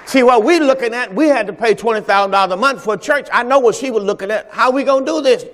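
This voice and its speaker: A man's voice: high-pitched, fast talker, fairly bright tone, some chatter behind. A male pastor a Sunday sermon, speaking conversationally to his congregation and telling personal stories. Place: church sanctuary during Sunday service. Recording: reverberant church hall.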